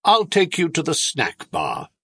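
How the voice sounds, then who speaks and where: Nervous hesitant storybook dad, lots of uh's, slightly raised and husky, read by a man. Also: on the high side, huge pitch swings, unhurried, bright, forceful tone, dry recording, studio quality, pitched above the performer's own voice, exaggerated voice. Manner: hesitant, stammering fillers. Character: nervous, hesitant middle-aged man, Mr Brown.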